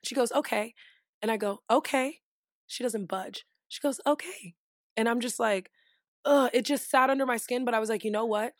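Young woman podcast co-host, fairly high and dry, candid storyteller with a blunt mouth. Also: brisk, no echo. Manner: candid, animated, swears freely. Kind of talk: casual chat, storytelling.

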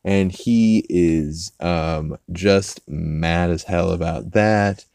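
A man's voice: low-pitched, drawn-out words, gravelly, darkish tone. A man hosting a podcast, casually recapping an episode with lots of fillers and swearing. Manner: rambling, swears a lot, many fillers. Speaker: podcast host.

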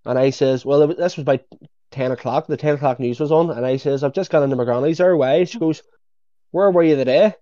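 A man's voice: medium pitch, fast talker, dark tone, dry recording. A man from Northern Ireland with a Northern Irish accent, co-hosting a casual podcast with cheeky banter. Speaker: podcast co-host. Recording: dull lo-fi audio.

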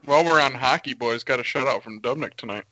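Brief: hoarse male podcast co-host, bright tense voice, dry close sound. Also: mid-range voice, fast, dry recording, lo-fi sound. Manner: joking, needles the others. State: hoarse from yelling. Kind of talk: casual chat.

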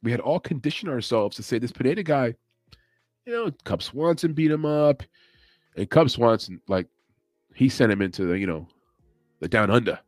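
A man's voice: mid-range voice, very animated, normal speed, darkish tone, no echo, soft background music. A man hosting a casual sports betting podcast, loose and chatty, thinking aloud as he goes. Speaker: MMA betting podcast host. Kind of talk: casual chat.

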